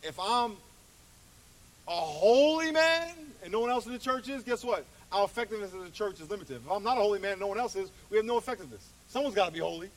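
A middle-aged man preaching a sermon as pastor, animated, with congregation call-outs. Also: high-pitched, fast talker. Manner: animated, acts out voices, calls for congregation responses. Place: church hall. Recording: distant mic with faint hiss.

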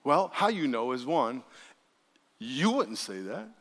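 A man preaching a lively sermon as pastor, acting out voices he quotes. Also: mid-range voice, slow. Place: church sanctuary. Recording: long reverb of a church hall.

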